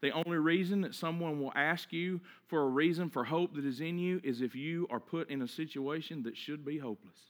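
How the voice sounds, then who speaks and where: A man preaching a sermon, dropping to a hush and then building to emphatic, rhythmic repeated phrases. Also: on the high side, fairly quick, few pauses. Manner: swings between hushed and emphatic preaching; repetitive, rhythmic lists of phrases. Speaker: pastor.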